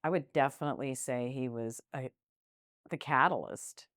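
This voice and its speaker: Low-voiced woman business owner. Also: moderate pace, dry recording. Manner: frank and animated, with fillers like "like" and "you know". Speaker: business owner, interview guest. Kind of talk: casual conversational interview.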